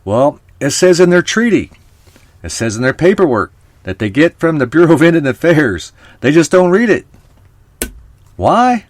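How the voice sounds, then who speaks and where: A man's voice: on the high side, sing-song, moderate pace, no echo. A man hosting a live podcast stream, talking casually and rambling to his viewers. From Oklahoma. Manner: chatty, rambling, talks to viewers. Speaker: podcast host.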